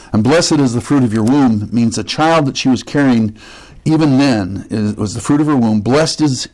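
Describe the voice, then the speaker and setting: A man teaching a sermon verse by verse, explaining word meanings and pausing to repeat key points. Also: mid-range voice, darkish tone, poor audio. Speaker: pastor.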